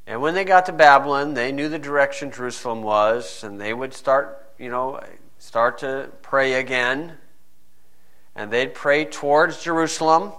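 A man preaching a sermon and reading scripture, emphatic, swinging between quiet asides and loud stressed phrases. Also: mid-range voice, normal speed.

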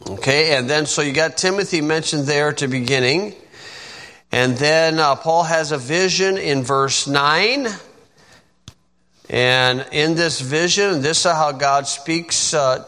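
A man teaches from the Bible like a down-to-earth pastor, slow and deliberate, dropping folksy joking asides. His voice has a bright edge. The sound rings in a long hall reverb. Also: medium pitch.

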